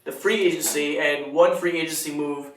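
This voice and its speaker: Casting: man podcast co-host, rambling joker, slightly high voice, roomy distant sound. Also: steady tone, normal speed, a little hiss or hum. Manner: joking, rambling, laughs often. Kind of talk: casual chat. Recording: echoey room, mic at a distance.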